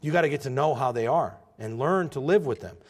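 A man's voice: medium pitch, fairly quick, slightly rough. A man preaching a sermon as pastor. He tells folksy stories and presses the congregation with direct questions, pushing harder as he drives his points home. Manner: folksy storytelling.

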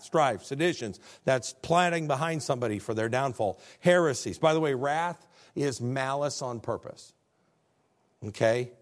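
A middle-aged male pastor preaching a sermon to a congregation in a conversational, folksy way, full of rhetorical questions. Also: mid-range voice. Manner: defines terms one by one in a plain, folksy way. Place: church service before a congregation.

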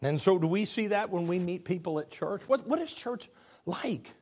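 Man, pastor, sermon, high voice, very animated pitch, stammering restarts. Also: moderate pace.

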